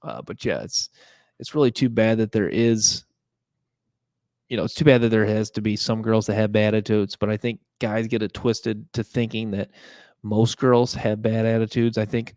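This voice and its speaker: Low flat-voiced young man rambling. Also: normal speed, no echo. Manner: rambling, full of fillers and restarts. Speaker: podcast host. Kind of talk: casual monologue.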